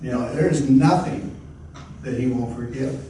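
A man's voice: medium pitch, unhurried, mellow. A man preaching a sermon as pastor, in a folksy conversational way with frequent restarts. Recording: echoey hall, distant mic, faint noise.

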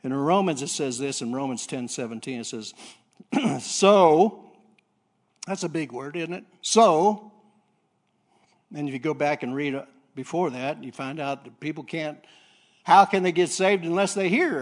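Pitched fairly high, a preacher's voice works through a sermon story haltingly, repeating himself and clearing his throat. Then he rises to loud, excited peaks.

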